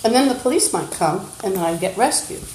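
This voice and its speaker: A woman's voice: medium pitch, expressive, a little fast, a little mellow, echoey room, a little hiss or hum, rough recording. A woman livestreaming, ranting in an agitated, insulting, accusatory way into a phone. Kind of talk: rambling livestream rant.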